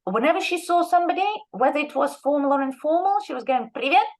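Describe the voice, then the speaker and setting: Animated woman telling teaching stories. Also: high voice, quick pace, low-quality recording. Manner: lively storyteller who acts out quoted speech. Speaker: guest lecturer and Russian teacher. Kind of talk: anecdotal workshop talk.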